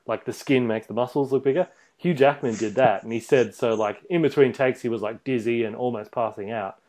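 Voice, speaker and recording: A man's voice: mid-range voice, brisk, darkish tone. Rambling man chatting about movies. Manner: rambling, many fillers, laughs often. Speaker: podcast co-host. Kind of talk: casual movie chat.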